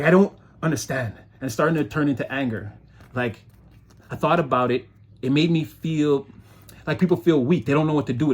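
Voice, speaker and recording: A man giving a casual, rambling tarot reading, talking loosely and slipping into mocking voices when he quotes people. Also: mid-range voice. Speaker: tarot reader.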